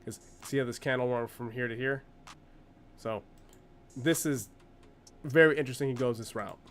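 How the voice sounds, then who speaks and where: A man's voice: mid-range voice, fairly even intonation, normal speed, a bit bright, slight background noise. A man hosting a reaction video, commenting in a sarcastic, exasperated way.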